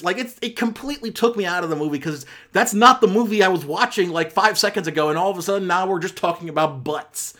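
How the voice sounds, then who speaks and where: A man's voice: high-pitched, fast talker, few pauses, pushed and bright. A man giving a casual spoken film review on a podcast, rambling and self-correcting with many fillers and exasperated asides.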